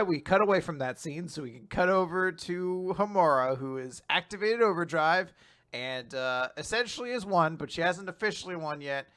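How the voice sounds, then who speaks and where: A man's voice: on the high side, bright, forceful tone. A man co-hosting a podcast, recapping in casual chat, laughing often and swearing as he quotes scenes. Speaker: podcast co-host.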